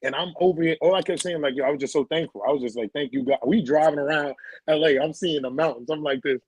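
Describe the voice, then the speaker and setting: Fairly high-pitched and slightly rough, this man talks fast as he co-hosts a podcast, telling animated stories in loose, slangy casual chat. The recording is rough, though it has no room sound.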